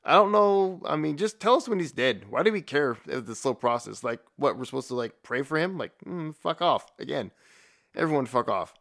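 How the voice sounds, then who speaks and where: A man's voice: medium pitch, animated, fairly quick, gravelly, a bit bright. A man giving a profane, rambling rant in blunt, casual commentary, with frequent restarts.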